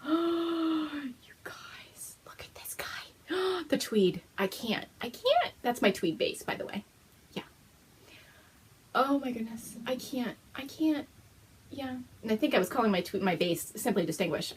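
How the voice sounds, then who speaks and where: A woman hosting a knitting podcast, showing things on camera in a gushing, excited chat, with frequent gasps and whispered exclamations. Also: medium pitch, breathy edge. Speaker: host of a knitting and fiber podcast. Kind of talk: excited casual show-and-tell chat.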